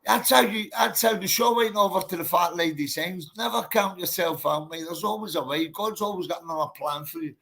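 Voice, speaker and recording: A man's voice: high-pitched, a little fast, creaky, few pauses, bright, forceful tone. A man, a boxer telling his story in a casual interview, blunt and emphatic, swearing and calling the listener mate and bro.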